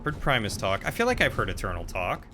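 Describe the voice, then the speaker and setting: A man's voice: on the low side, huge pitch swings, fast talker, pushed and bright, a little hiss or hum. A man streaming a game live, chatting casually, reacting to the fight and answering chat. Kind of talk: live gameplay commentary.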